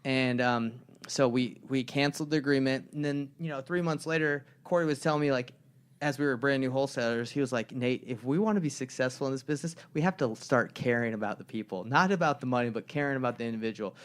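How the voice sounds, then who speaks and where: A young man co-hosting a casual podcast conversation. His voice sits at an ordinary middle pitch. He rambles through stories and slips into the voices of the people he describes. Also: quick pace, smooth. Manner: rambling storyteller who acts out the people in his anecdotes. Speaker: podcast co-host.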